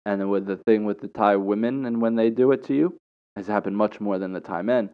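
A man in his twenties telling rambling stories in a casual, animated monologue. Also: on the low side, brisk. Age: 20s. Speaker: storyteller. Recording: dull lo-fi recording.

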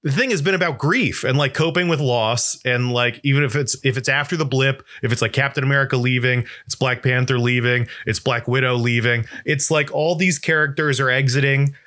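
Bright-voiced man rambling about a movie. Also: medium pitch, brisk, hardly any pauses. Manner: rambling, heavy "like" fillers, emotional; swears when worked up. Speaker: podcast co-host. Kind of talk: casual film review chat.

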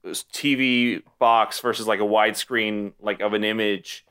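A man's voice: on the low side, moderate pace, clean tone. Eager man co-hosting a movie chat. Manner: eager, excitable, talks in bursts. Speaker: podcast co-host. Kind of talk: casual chat about movies.

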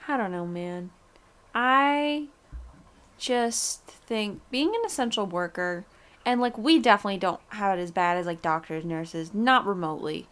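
A woman's voice: mid-range voice, animated, unhurried, fairly bright tone, smooth. A young woman co-hosting a podcast, talking things through with hedges and the odd blunt remark. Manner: thoughtful, hedging, blunt at times. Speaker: podcast co-host. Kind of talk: casual chat.

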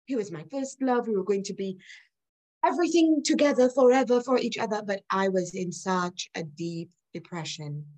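A woman's voice: mid-range voice, animated, normal speed, a little mellow, rough recording. Middle-aged woman guest, earnest, reflective storytelling, breaks into light laughs. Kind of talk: personal storytelling in an interview.

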